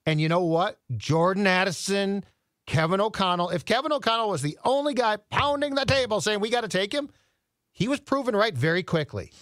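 A man co-hosting a sports podcast, animated and quick to jump into the conversation. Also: high voice, no room sound, studio quality. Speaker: podcast co-host. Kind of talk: casual sports chat.

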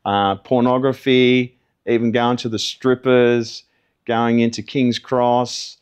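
A man's voice: medium pitch, flat delivery, takes it slowly, clean tone. A middle-aged man gives a personal testimony, telling his story in an earnest, conversational way. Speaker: testimony guest.

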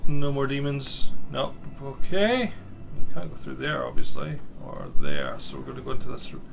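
A man's voice: mid-range voice, very animated, normal speed, gravelly, slight background noise. A man with a Scottish accent giving casual, chatty let's-play commentary and teasing the game as he plays. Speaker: gamer playing a game.

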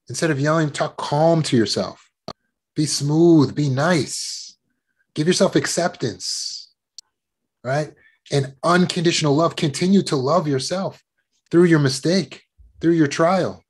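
A man's voice: fairly high pitch, a little slow, long pauses, slightly rough. A man telling a personal childhood story and giving self-help advice as a trauma recovery coach, often repeating words and laughing as he talks.

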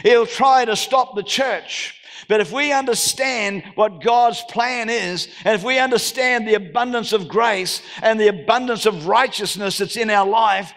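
An Australian man preaching a sermon as pastor, calling out to the congregation and rising into shouted declarations, recorded in a church hall. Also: sits high, measured pace, creaky.

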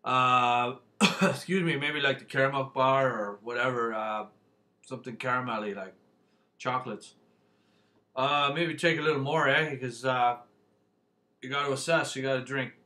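Rambling man with a bright voice. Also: mid-range voice, moderate pace, long pauses. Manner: rambling, folksy, lots of fillers and "eh". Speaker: beer reviewer. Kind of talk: casual video review.

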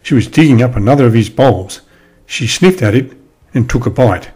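A man reading a children's story aloud in an expressive storytelling manner. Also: mid-range voice, normal speed, husky. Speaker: storybook reader.

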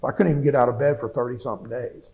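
Older man, gravelly voice, plainspoken rambling storyteller, oral history interview. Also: medium pitch, steady tone, rapid-fire, a little mellow, rough recording. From United States. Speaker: veteran interviewee.

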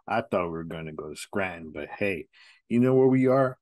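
A man hosts a laid-back horror film review, chatting candidly straight to his audience. His voice sits a touch low, and the recording is dry and close. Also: expressive, a little fast, darkish tone, no room sound. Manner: chatty, candid, direct to viewers. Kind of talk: casual review talk.

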